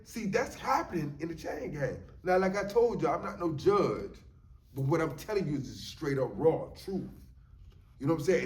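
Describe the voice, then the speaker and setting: A man's voice: high voice, far from the mic. A man telling stories from prison in a loose, casual way, often saying "you know what I'm saying". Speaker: storyteller sharing his prison experience. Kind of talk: casual storytelling monologue. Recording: echoey room, voice a bit off-mic.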